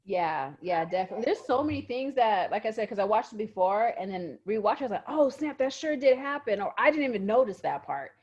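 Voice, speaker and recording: A woman co-hosting a podcast in casual chat, telling things in an animated, emotional way over a video call. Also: medium pitch, quick pace, few pauses, breathy edge, highs cut off. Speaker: podcast co-host.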